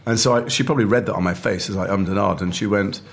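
A middle-aged man from Liverpool, a guest actor telling animated stories over a meal and acting out quoted voices. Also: lowish voice, quick pace. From north of England, Liverpool. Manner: animated storyteller who acts out quoted voices. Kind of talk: casual chat over a meal. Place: restaurant table.

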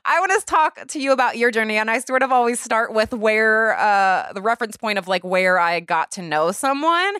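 A woman's voice: a little high, lively intonation, normal speed, few pauses, bright, forceful tone, clean tone, no room sound, clean studio sound. A woman in her thirties hosting a podcast, talking in a reflective, casual way with lots of "like" and the odd swear word. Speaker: podcast host. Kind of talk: casual interview chat.

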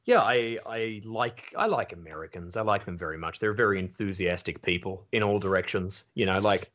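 Lively Australian comedian, low voice, lo-fi. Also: male voice, moderate pace. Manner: animated storyteller, swears freely, acts out quotes. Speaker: comedian guest. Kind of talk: casual podcast chat. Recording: dull lo-fi audio.

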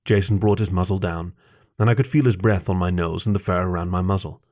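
Low-voiced man reading a story. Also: steady tone, a little fast, darkish tone. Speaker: story reader. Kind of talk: first-person story narration.

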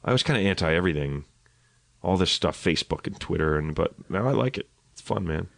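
A man's voice: deep voice, expressive, a little fast, gravelly. A man, a comedian, chatting casually on a podcast, telling stories in a rambling, self-deprecating way. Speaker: comedian guest.

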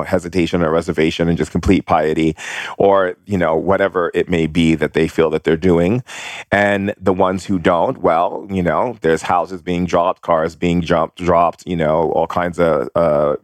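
A man's voice: low-pitched, no room sound, studio quality. A man giving a rambling, effusive spiritual monologue to his followers. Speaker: spiritual teacher.

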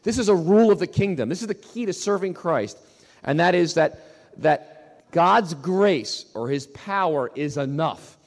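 A male pastor preaching a sermon in an emphatic, animated way, often repeating his words. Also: a little high, measured pace, long reverb tail.

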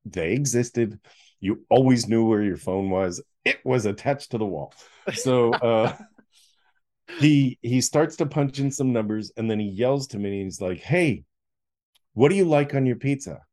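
Middle aged guy telling a story on a podcast, mellow low voice, acts out bits. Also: a little slow. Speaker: guest, author.

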